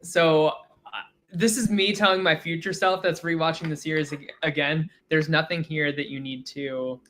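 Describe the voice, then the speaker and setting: A man co-hosting a podcast, summarizing a TV episode in a steady way with hesitant fillers. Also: a little high, a little hiss or hum. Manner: measured recap with hesitant fillers. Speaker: podcast co-host. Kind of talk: casual TV recap chat.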